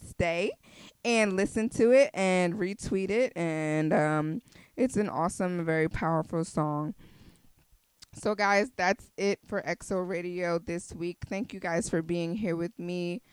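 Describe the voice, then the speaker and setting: A woman's voice: lowish voice, clear, resonant tone, no room sound. A woman hosting her own podcast, chatting casually and expressively with plenty of fillers into a close studio mic. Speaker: podcast host. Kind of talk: casual solo podcast chat.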